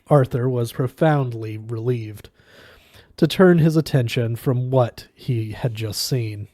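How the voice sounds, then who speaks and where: A man reading a novel aloud with measured, expressive narration. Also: mid-range voice, no echo, studio quality. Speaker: reader.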